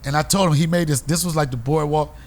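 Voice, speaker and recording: High-voiced animated comic man storyteller. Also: fast talker. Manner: animated and profane, acting out other people's voices. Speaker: podcast host. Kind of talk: comedic storytelling.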